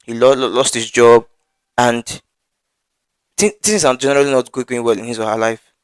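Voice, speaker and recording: A man's voice: mid-range voice, steady tone, moderate pace, clear, resonant tone, no room sound, poor audio. A man giving an earnest Bible teaching, often stammering and repeating his words as he works through his points. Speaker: preacher.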